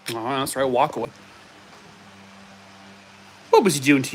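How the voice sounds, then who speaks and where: A man's voice: mid-range voice, lively intonation, measured pace, slight background noise. A man on a casual live stream, rambling with lots of fillers and breaking off to talk to his dogs at home. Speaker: live streamer chatting with viewers.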